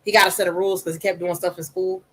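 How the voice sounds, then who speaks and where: A woman with a soft voice, speaking as a podcast guest in a candid, emphatic conversation, retelling her story with lively repetition. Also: fairly low pitch, very fast, rough recording.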